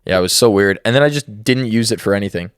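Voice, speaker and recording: A man's voice: on the low side, fast, smooth, dry recording, studio quality. A young man, a comedian, talking as a guest on a podcast in a laid-back, rambling way. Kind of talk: casual chat. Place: home.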